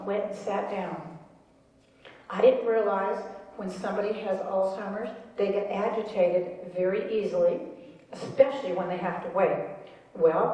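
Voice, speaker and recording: Woman telling stories in an echoey hall. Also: mid-range voice. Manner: lively, animated storytelling with audience prompts. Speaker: speaker on caregiving. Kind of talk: storytelling talk to an audience. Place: large room with an audience. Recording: echoey hall recorded from far off.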